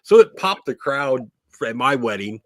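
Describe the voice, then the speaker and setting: A man co-hosting a podcast, telling wrestling stories in an animated way and laughing often. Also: medium pitch, moderate pace, dry recording. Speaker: podcast co-host. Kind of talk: casual wrestling chat.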